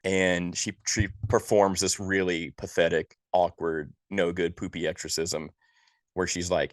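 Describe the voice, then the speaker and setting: Male podcast co-host, very low voice, dry close sound, exasperated and profane ranting. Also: steady tone, moderate pace, dry recording. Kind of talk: casual movie review chat.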